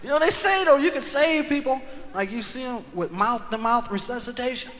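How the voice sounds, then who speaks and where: A male stand-up comedian telling profane, animated stories on stage and acting out voices. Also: very high voice, fairly quick, in a large hall. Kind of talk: live stand-up storytelling. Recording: live concert album with crowd and hiss.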